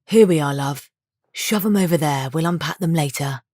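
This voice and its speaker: A blunt, gruff husband with a northern English accent, protective and quick to mutter his annoyance. A woman does his voice while reading a story aloud, low-pitched in a dry, close recording. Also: darkish tone, dry recording.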